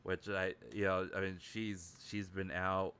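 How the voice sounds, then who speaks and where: A man hosts a laid-back livestream in an unhurried, meandering way. His voice is bright and clean, with a smooth, clear tone. He fills his sentences with stray words and restarts as he goes. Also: deep voice, little pitch movement. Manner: rambling, heavy use of fillers. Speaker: livestream host. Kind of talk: casual livestream chat.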